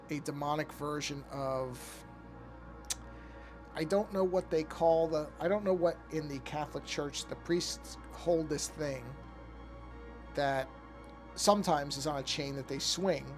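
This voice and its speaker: A gravelly, somewhat higher-voiced man talks loosely at his desk mic while he works on a picture, circling back and restarting his thoughts. He keeps yawning as he speaks, and soft music plays faintly behind him. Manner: rambling, thinks aloud, frequent restarts. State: yawning often. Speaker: artist streaming his work. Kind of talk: casual live-stream talk while painting.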